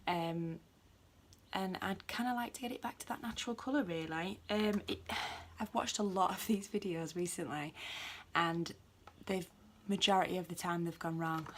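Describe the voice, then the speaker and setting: A woman's voice: lowish voice, slight background noise. A British woman in a chatty home vlog who rambles with lots of ums and mutters asides to herself, recorded on a phone. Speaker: beauty vlogger. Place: at home indoors. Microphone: phone camera.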